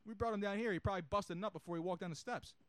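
A man's voice: high voice, very fast, a bit bright, dry recording. A man co-hosting a podcast in casual banter, loose, profane and often laughing. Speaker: podcast co-host.

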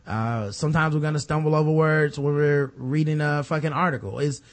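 A man's voice: fairly high pitch, steady tone, a little fast. A man hosting a podcast in casual chat, rambling loosely with fillers and cursing freely. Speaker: podcast host.

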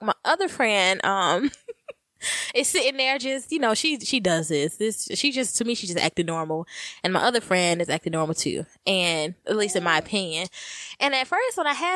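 A young woman, co-hosting a podcast, telling stories in a casual, animated way and laughing often. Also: medium pitch, moderate pace, dry recording, studio quality. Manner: animated, laughing often, addresses listeners as y'all. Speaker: podcast co-host. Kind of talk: casual storytelling chat.

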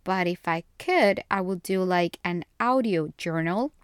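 A woman's voice: fairly low pitch, lively intonation, a little slow, clean tone, no room sound, studio quality. A young woman hosting a casual solo podcast, chatty and gushing, often correcting herself mid-sentence. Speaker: podcast host.

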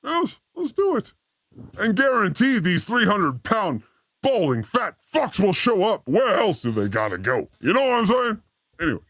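A man hosting a live talk stream, joking and provoking with an irreverent edge. His voice sits a bit high and swings widely in pitch. The sound is dry and close. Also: big pitch swings, moderate pace, a bit bright, no echo. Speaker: host. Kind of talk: casual live-stream chat.

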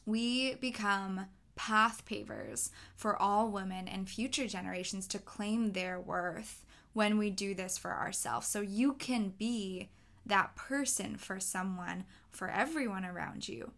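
Woman, podcast host, earnest solo monologue, encouraging, mid-range pitch. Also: expressive, slow pace, vocal fry, fairly bright tone. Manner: earnest, encouraging, acts out quotes.

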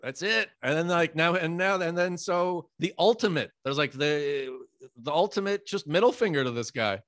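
A podcast co-host chats casually, rambling and filling pauses with hesitant fillers. His voice is on the high side and a bit bright at normal speed, in a studio-quality recording with no room sound.

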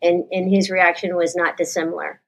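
A woman in her fifties, an actress appearing as a guest, tells an emotional story, rambling and correcting herself along the way. Her voice is lowish and fairly bright, with vocal fry, and her delivery is flat and brisk.

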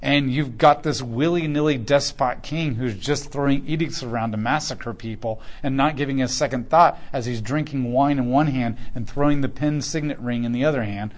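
A man's voice: mid-range voice, normal speed, hardly any pauses. A man giving a conversational Bible study lecture, speaking emphatically and sometimes acting out the people he quotes. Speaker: Bible teacher.

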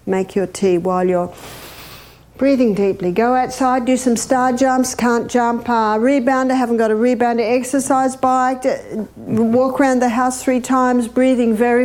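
Older woman, health educator, warm mellow tone, lively and questioning. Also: on the high side. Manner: lively, imitates bird laughs, asks the audience questions. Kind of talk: animated teaching talk.

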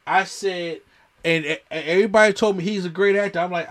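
A man's voice: high voice, fairly quick, a bit bright. A man hosting a podcast, telling an emphatic, slangy story in casual movie chat and often repeating himself. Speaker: podcast host.

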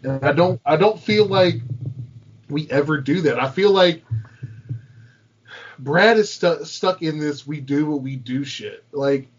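A man's voice: on the high side, slow pace, long pauses, slightly rough, muffled recording. A man co-hosting a casual sports podcast, talking bluntly and profanely and often repeating words. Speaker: podcast co-host.

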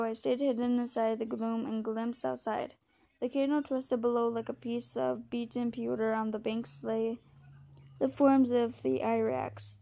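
A woman reading a novel aloud in a steady, measured way, now and then stumbling over a word. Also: a little high. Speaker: reader.

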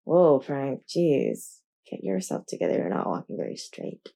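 A woman's voice: extremely low pitch, very animated, normal speed, vocal fry, warm tone, voice pushed down, full character voice. A half-asleep woman voicing a casual, wisecracking non-binary triangle character in an improvised story. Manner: casual, offhand, sleepy.

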